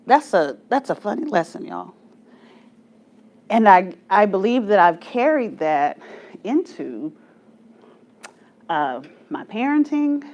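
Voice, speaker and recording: A woman in her forties from Texas tells stories to her church study group, poking fun at herself and laughing frequently. She talks slowly with long pauses in a very animated, medium-pitched voice that is a little mellow.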